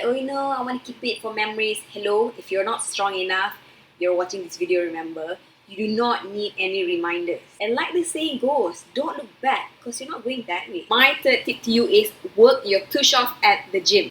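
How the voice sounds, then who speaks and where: A woman's voice: mid-range voice, a bit bright, slight background noise, poor audio. A young woman vlogging to camera, chatty and earnest as she gives encouraging advice. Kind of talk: casual advice vlog to camera.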